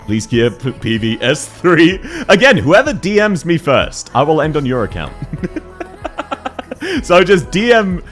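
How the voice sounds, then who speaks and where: A man's voice: a little high, big pitch swings, measured pace, fairly bright tone, soft background music. A young man streaming a game, chatting casually with viewers, laughing often and greeting people by name.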